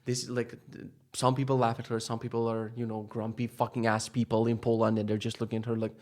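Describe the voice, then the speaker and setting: Animated, swearing man podcasting solo. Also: medium pitch, fast. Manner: animated, swearing, swings between loud rants and quiet asides. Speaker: podcast host. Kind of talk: casual solo podcast monologue.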